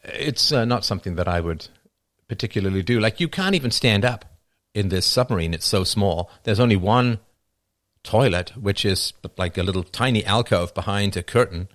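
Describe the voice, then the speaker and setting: A man's voice: fairly low pitch, lively intonation, normal speed, fairly bright tone, no room sound, clean studio sound. A middle-aged man hosting a livestream, talking in a wry, rambling way while answering questions. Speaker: livestream host taking questions. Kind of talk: casual livestream monologue.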